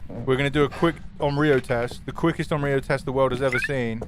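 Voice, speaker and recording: A young man streaming a horror game, talking to his chat in an excitable, swearing manner. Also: mid-range voice, a little fast, background noise. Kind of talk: live gaming stream commentary.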